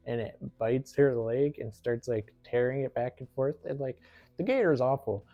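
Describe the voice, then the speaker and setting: A man recaps a movie in a loose, rambling way, chuckling between sentences and saying "like" constantly. His voice has a soft, mellow tone. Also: mid-range voice, moderate pace, no room sound. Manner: giggly, rambling, says "like" a lot. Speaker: movie reviewer.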